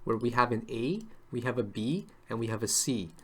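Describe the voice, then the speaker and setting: A man's voice: medium pitch, normal speed. A man giving a casual live-stream lesson on trading charts, chatty and always checking in with his viewers. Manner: chatty, keeps checking in with "right?" and "okay?". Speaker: crypto trading analyst.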